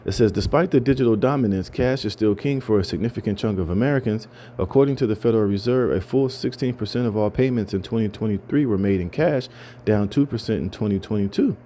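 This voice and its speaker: A man's voice: fairly low pitch, quick pace, dark tone, a little hiss or hum. A man talking through news items in an emphatic way, stammering and restarting and filling with "you know" and "man". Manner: emphatic, repetitive, many fillers and stammered restarts. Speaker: commentator. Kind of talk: casual talk reading news.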